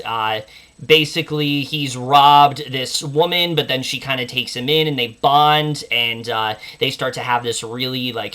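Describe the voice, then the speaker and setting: A young man hosts a casual movie preview with a bright, forward tone. He talks with steady enthusiasm, leaning on fillers as he goes. His pitch sits in a middling range for a man. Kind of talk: casual film chat.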